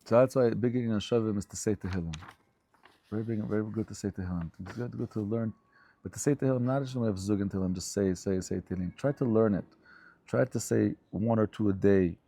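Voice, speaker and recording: A man's voice: lowish voice, fast talker, gravelly, dark tone. A man giving a Torah lecture as a rabbi, speaking fervently and emphatically and repeating phrases for stress.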